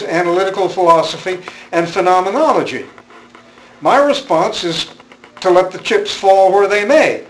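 An older man gives a philosophy talk in a lecture room, his voice sitting a little high for a man. He rambles wryly and pokes fun at himself, and faint room ambience hums behind him. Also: slight background noise, poor audio. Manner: wry, rambling, self-deprecating. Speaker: guest speaker, philosophy professor. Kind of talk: public lecture.

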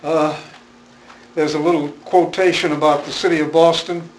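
An older man gives a philosophy talk in a lecture room, his voice sitting a little high for a man. He rambles wryly and pokes fun at himself, and faint room ambience hums behind him. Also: little pitch movement, moderate pace, a little hiss or hum, low-quality recording. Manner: wry, rambling, self-deprecating. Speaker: guest speaker, philosophy professor. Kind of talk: public lecture.

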